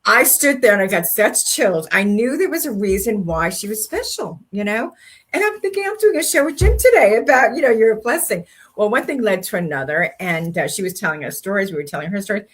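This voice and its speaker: An older woman co-hosting a faith-based talk show, chatting casually and telling animated stories with acted-out dialogue. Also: medium pitch, fairly quick, husky. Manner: animated storyteller, acts out quoted speech. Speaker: co-host.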